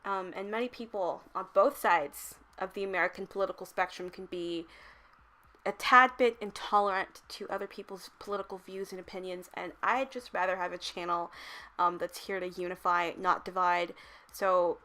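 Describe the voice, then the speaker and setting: A young adult woman vlogging in a casual, chatty way, laughing often and growing animated in stories. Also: on the low side, normal speed. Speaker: travel vlogger. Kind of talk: casual chat.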